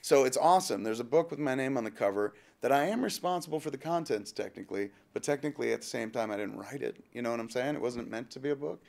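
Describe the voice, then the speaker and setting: A man in his thirties tells a long, rambling story at a rapid clip. His talk is jokey and loose, full of quick asides and a bit of profanity. It has the easy feel of a casual interview. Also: mid-range voice, lively intonation, gravelly. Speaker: interviewee, filmmaker and author.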